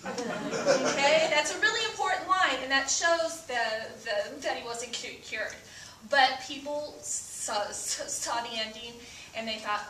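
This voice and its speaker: Stand-up comic, female, heavy stutter, slow delivery, captured from a distance in a reverberant room. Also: high-pitched, bright, forceful tone, slight background noise. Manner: stutters with frequent repeated sounds. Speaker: stand-up comedian. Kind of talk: stand-up comedy set. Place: stage before a live audience.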